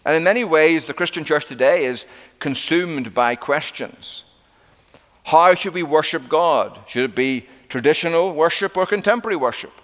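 A man delivering a sermon in a voice a little above the usual male pitch. He tells the story vividly, acting out the quoted lines. The sound carries a long reverb, as in a large church hall. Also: moderate pace. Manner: animated storytelling with acted-out quotes. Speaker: preacher.

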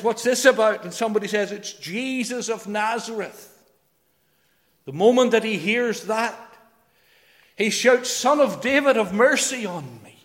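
A man preaching a sermon, emphatic, swinging between loud declarations and hushed phrases. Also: sits high. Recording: long hall reverb.

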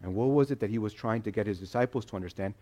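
A man preaching a sermon in a conversational, animated way, acting out quotes as he goes. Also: lowish voice, rapid-fire. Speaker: pastor.

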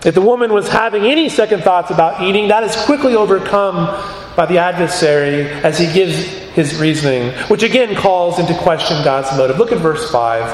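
A man with a fairly high voice preaches a sermon in a measured, earnest way, pausing for emphasis. His voice rings through a large hall with a long reverb. A faint ambient hum sits behind him. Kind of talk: expository sermon.

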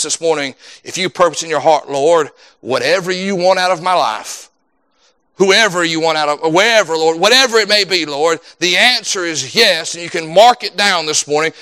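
A man preaching a sermon in a fervent, repetitive cadence that climbs loud and drops quiet. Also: a little high.

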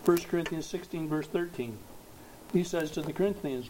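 A man preaching a sermon, slow and emphatic, rising to loud exhortation at its peaks. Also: a little high, slight background noise, low-quality recording.

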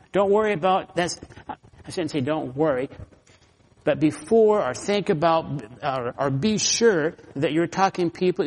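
A man preaching a sermon as pastor, telling stories in an animated way and acting out his own anger. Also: on the high side. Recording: long hall reverb.

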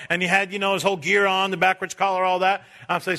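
A man who is a Baptist preacher, giving a sermon that swings from loud, high preaching to quiet storytelling. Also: normal speed, creaky. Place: church.

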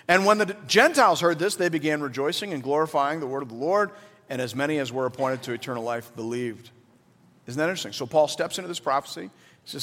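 A man's voice: a little high, expressive, fast, a bit bright, big-room sound. A man preaching a sermon, explaining scripture verse by verse and acting out the quoted lines. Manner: expository teaching, acts out quotes in voices. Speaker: pastor.

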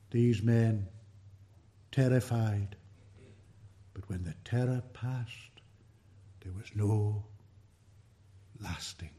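A man preaching a sermon, slow and emphatic, his voice rising in force on key words and falling away at the ends of sentences. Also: medium pitch, dark tone. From United Kingdom.

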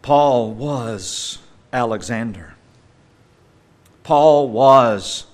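A middle-aged male pastor delivering a sermon, swinging between loud emphatic stresses and quiet conversational asides. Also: medium pitch, a little slow.

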